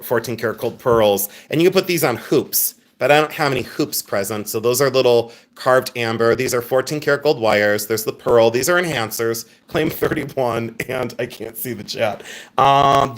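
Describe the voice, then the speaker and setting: A man hosting a live jewelry sale stream. He jokes, giggles and mocks himself while chatting straight to his viewers. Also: medium pitch. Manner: joking, giggly and self-mocking. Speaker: livestream jewelry seller. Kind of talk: live sales stream chat.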